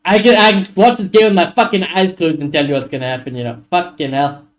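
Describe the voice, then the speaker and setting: A fired-up man streaming a live football watchalong, his voice sitting a little higher than most men's. He calls the play as it happens, curses freely and vents his frustration to his chat. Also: fast. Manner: excitable, frustrated, swears often, talks to chat.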